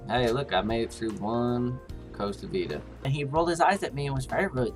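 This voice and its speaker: A man's voice: medium pitch, animated, a little fast, faint music behind. A man reading customer reviews aloud and mocking them with sarcastic comedy, sliding into silly voices.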